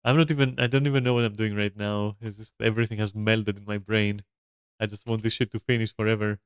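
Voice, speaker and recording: A man's voice: on the low side, little pitch movement, fast talker, clear, resonant tone, no echo, clean studio sound. A young man streaming a video game, chatting casually to his viewers in a rambling, swearing, laugh-prone way. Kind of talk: casual gameplay commentary to chat.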